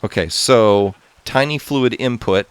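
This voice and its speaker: A man hosting a gaming channel, giving excitable, casual commentary to viewers as he plays. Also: mid-range voice, unhurried, smooth, dry recording. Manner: excitable, talks to viewers while playing.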